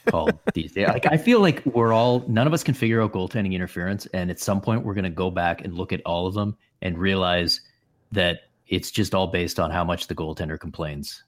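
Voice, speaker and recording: Deep-voiced man musing over sports. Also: brisk. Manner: musing, thinks aloud with many restarts. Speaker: podcast co-host. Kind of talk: casual sports chat.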